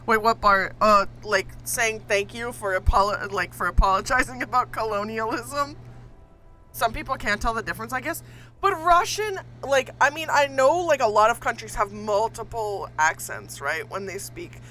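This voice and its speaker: Brief: streamer with a mixed American and Indian English accent, bright voice, rambling chat, light music behind. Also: female voice, on the high side, moderate pace. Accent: mix of American and Indian English. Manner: rambling, lots of fillers, giggly. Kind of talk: casual chat with viewers while gaming.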